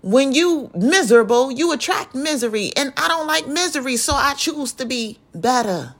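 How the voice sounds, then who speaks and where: A woman's voice: high-pitched, lively intonation, moderate pace. A young woman giving a blunt, profane, emphatic venting monologue to camera. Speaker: vlogger.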